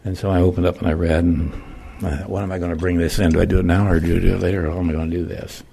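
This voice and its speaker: Older man, deep voice, gravelly, husky, folksy church testimony. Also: flat delivery, racing, dark tone. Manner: plain-spoken, folksy, emotional storytelling. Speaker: church speaker giving testimony. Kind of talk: personal testimony.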